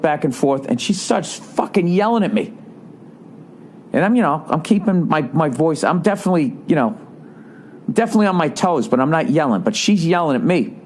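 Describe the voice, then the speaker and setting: A man in his podcast booth rambles through a long comic story, swearing freely and ranting with animation. His voice sits at an ordinary middle pitch, with a faint hum of noise underneath. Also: a little mellow. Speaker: podcast host.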